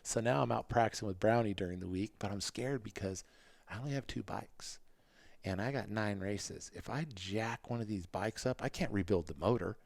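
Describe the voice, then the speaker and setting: A middle-aged man recounting old racing days in a relaxed, chatty way. His voice sits fairly low, and he slips into quick acted-out lines of what he was thinking back then. The sound is dry and close, with hardly any room around it. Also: gravelly, no echo. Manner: animated, acts out his own past thoughts in quick quoted asides. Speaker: podcast guest, former motocross racer. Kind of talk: casual storytelling.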